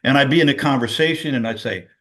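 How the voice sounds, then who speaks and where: A man's voice: medium pitch, fast talker, a bit bright. A middle-aged man recounting a personal story on a video call, rambling, with many fillers. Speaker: guest sharing a personal story. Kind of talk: casual testimonial on a video call.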